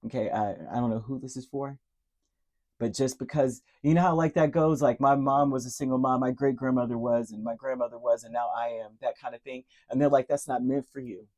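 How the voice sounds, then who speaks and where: A man's voice: medium pitch, steady tone, a little fast, darkish tone. A man giving a tarot reading straight to the listener, earnest and emotional, repeating key words with frequent fillers and restarts. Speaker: tarot reader. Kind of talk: direct-to-camera tarot reading.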